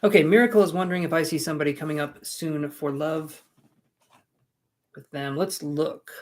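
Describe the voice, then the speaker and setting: Man, slightly high voice, live-stream tarot reader, rambling, self-deprecating. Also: steady tone, normal speed, darkish tone. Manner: rambling, self-mocking, chatty.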